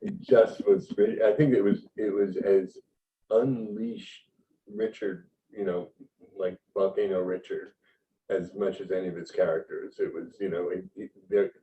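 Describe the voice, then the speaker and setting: A man who is a guest writer in an interview, halting and searching for words, laughing often. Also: sits low, steady tone. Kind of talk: casual interview chat. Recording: dull distant call audio with faint noise.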